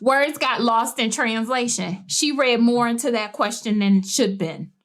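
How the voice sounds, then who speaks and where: A woman on a podcast telling a story with emphatic, animated delivery, acting out quoted lines in casual chat. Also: fairly high pitch, a little slow. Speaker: podcast co-host.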